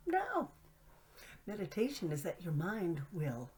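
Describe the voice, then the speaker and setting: A middle-aged woman with a fairly low voice tells humorous stories about herself. Her delivery is playful and self-mocking, and she slips into whispered asides. She sounds like she is gently teasing herself. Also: very animated, moderate pace, creaky. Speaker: host. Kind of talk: humorous storytelling monologue.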